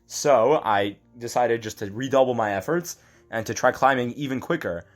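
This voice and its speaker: A man telling an improvised comic story in a deadpan, halting way, full of fillers and restarts. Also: medium pitch, soft background music.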